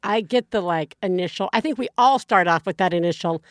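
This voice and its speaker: A woman's voice: fairly low pitch, a little fast, no echo, clean studio sound. A woman co-hosting a parenting podcast, joking casually and acting out little scenes as she talks. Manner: playful, laughs often, acts out little scenes. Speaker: podcast co-host. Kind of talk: casual chat.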